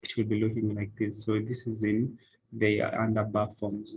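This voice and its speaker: Male tutor, low and raspy with vocal fry, plainly walking beginners through a trading platform. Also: monotone, normal speed, darkish tone, rough recording. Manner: step-by-step, repetitive "so you come" phrasing with "eh" fillers. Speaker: forex trading instructor. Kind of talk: screen-recorded tutorial walkthrough.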